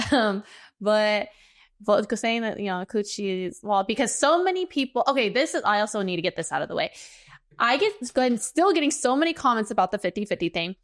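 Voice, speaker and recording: A woman's voice: medium pitch, lively intonation, a little fast, no echo, clean studio sound. A young American woman co-hosting a podcast, ranting casually in a blunt, emphatic way and swearing freely. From United States. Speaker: podcast co-host.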